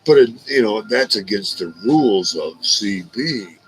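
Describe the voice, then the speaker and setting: A man's voice: on the low side, expressive, measured pace, slight background noise, low-quality recording. A man hosting a casual livestream, rambling through stories with lots of swearing and laughing at his own jokes. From Indiana. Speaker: livestream host. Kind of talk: casual storytelling to a live chat. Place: at home on a livestream.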